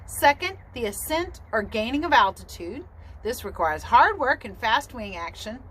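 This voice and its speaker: A woman voicing a grown male father swan who lectures his children in a solemn, measured way, reading from a storybook. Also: on the high side, very animated, a bit bright, a little hiss or hum, rough recording.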